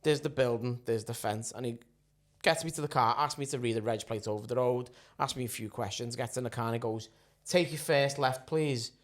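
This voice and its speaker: A man's voice: mid-range voice, fairly even intonation, brisk. A man in casual podcast chat, telling a blunt, sweary story and acting out the dialogue.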